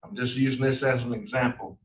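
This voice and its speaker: A man explains grammar in an online language lesson, pausing often and filling gaps with uh. His voice sits at an ordinary pitch but comes through muffled and somewhat distant from the mic. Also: fairly even intonation. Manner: slow and halting, many uhs. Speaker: language teacher.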